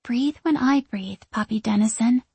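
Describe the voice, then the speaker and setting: A sweet little ghost girl with a childish lilt and old-fashioned phrasing, as a woman narrator puts her on. The voice sits higher than the narrator's own, with a husky, slightly breathy edge in a dry, close recording. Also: normal speed, warm tone, dry recording. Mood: soft.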